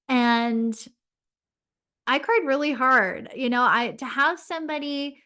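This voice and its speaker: A woman's voice: sits high, slow pace, sharp tone. A woman hosting a podcast who tells a personal story in an earnest, heartfelt way, often using "um" and "like". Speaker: podcast host and spiritual medium.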